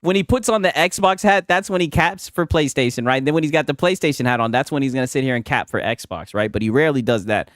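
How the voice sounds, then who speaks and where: A man's voice: medium pitch, fast, hardly any pauses, a bit bright, dry recording, clean studio sound. A man streaming casual reaction commentary, laughing and swearing as he mocks a clip. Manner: profane, laughing, mocking.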